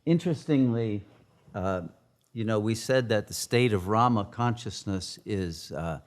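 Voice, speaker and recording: Slow, halting male spiritual teacher. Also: on the low side. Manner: halting, with many filler pauses. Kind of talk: retreat teaching.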